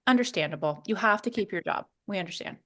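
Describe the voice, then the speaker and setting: Woman co-host, casual podcast chat, teasing, laughs easily, mid pitch. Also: animated, fairly bright tone. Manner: playful, teasing, quick to laugh.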